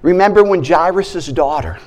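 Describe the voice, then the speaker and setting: A man preaching a sermon as a guest speaker, animated, breaking into shouted praises and acting out the voices in his stories. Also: on the high side, normal speed.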